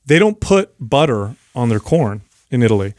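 A man's voice: mid-range voice, sing-song, normal speed, darkish tone, no echo, clean studio sound. A man in his forties chatting casually as a podcast co-host, telling stories with joking, emphatic exaggeration. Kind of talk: casual chat.

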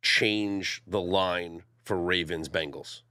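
A man's voice: sits low, takes it slowly, clear, resonant tone. A man co-hosting a sports betting podcast, casually breaking down games and odds. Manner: lively, animated analysis of games.

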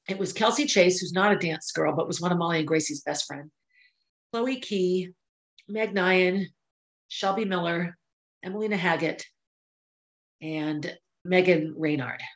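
A middle-aged woman hosting a podcast, telling a personal story with emotion, at times near tears, with pauses and restarts. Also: lowish voice, fairly bright tone, low-quality recording. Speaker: podcast host. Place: indoors, filming herself.

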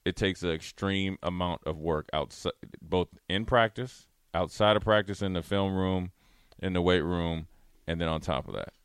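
A man hosting a casual sports talk show, talking at length in a relaxed way with many fillers and restarts. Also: deep voice, moderate pace, hardly any pauses, clear, resonant tone, dry recording, clean studio sound.

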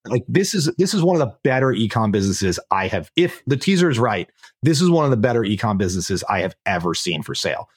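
Man, husky voice, dry close sound, enthusiastic and blunt, casual podcast chat. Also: fairly low pitch, big pitch swings, quick pace, no room sound. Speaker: podcast co-host.

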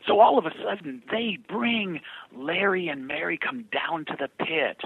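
A man tells a story with big swings in his voice. His voice is a little high for a man, and husky and gravelly. The sound is dry and narrow, as if it came over a phone line. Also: lively intonation, moderate pace, no room sound. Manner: dramatic, acts out the voices of people in his story. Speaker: guest speaker. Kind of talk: animated storytelling.

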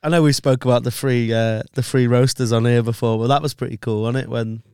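A man's voice: mid-range voice, fairly even intonation, brisk, a little mellow, clean tone, no echo, studio quality. A man hosting a casual podcast, bantering in a laid-back, slangy way. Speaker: podcast host.

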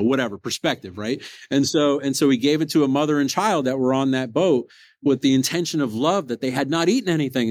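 A man hosting a motivational podcast, telling a story with loud emphatic peaks and quiet low asides. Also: dry recording. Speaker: podcast host.

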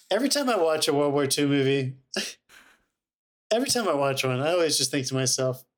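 A laid-back man co-hosting a movie podcast, musing aloud in casual talk. His voice is pitched a bit high, and he keeps calling others dude. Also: big pitch swings, normal speed. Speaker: podcast co-host. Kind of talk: casual movie review chat.

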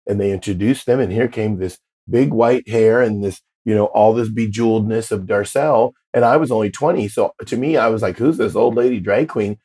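A man's voice: fairly low pitch, brisk, few pauses, husky. A man in his fifties, a drag performer, telling stories in a casual interview and acting out the voices of the people he quotes. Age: 50s. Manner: animated storyteller, acts out quoted voices.

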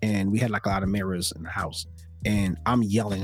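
A man hosting a casual talk podcast, telling stories and acting out loud quotes as he goes. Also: fairly low pitch, fairly quick, faint music behind. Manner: animated storytelling with loud acted-out quotes. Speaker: podcast host. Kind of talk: casual conversation.

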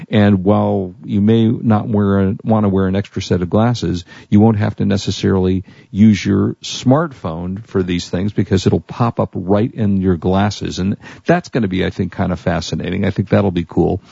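A man's voice: low voice, fairly even intonation, normal speed, vocal fry, few pauses, dark tone, husky, no echo, highs cut off. A man hosting a technology radio show, talking casually in a rambling, chatty way and correcting himself as he goes. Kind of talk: casual tech radio talk.

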